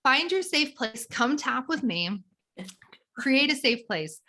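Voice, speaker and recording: A woman guest explaining a tapping method in a conversational, teaching way, animated and acting out examples as she goes. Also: high voice, slow. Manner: animated, acts out examples of inner talk.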